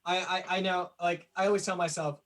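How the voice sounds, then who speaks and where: A man's voice: high voice, steady tone, fairly quick, a bit bright. A young man co-hosting a podcast, chatting casually and enthusiastically, laughing often. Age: young adult. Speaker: podcast co-host. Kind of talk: casual chat.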